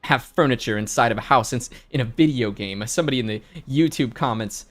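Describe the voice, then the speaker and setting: A man in his twenties chatting casually and jokingly on a game livestream, animated and chatty. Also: mid-range voice, fast talker. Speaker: streamer and voice actor.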